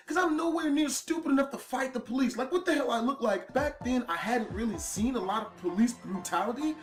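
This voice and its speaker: A man's voice: very high voice, moderate pace, few pauses, echoey room. Man telling a story over faint music. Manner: calm, quoting shouting officers. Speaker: storyteller in a played video. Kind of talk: first-person story narration.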